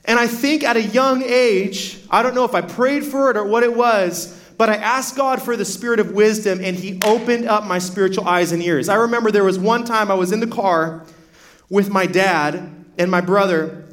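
A man's voice: high voice, a bit bright. A young adult man, a pastor, preaching a sermon in a casual storytelling way, full of "like" fillers and restarts.

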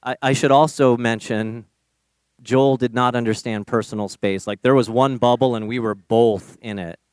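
A man telling a personal testimony on stage in an animated, self-deprecating way. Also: medium pitch, normal speed, clear, resonant tone, dry recording, studio quality. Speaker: storyteller.

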